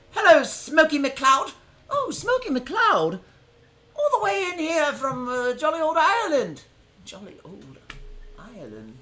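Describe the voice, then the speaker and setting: A man's voice: very high-pitched, sharp tone, slight background noise. A man hosting his first live stream, chatting casually in a playfully dramatic, self-mocking way. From United States.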